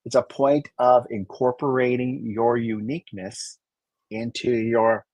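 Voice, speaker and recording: Husky-voiced man, chatty and explanatory. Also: medium pitch, flat delivery, unhurried, darkish tone, dry recording, dull audio. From Great Lakes region of the US. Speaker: Santa performer and podcast co-host. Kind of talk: casual conversational chat.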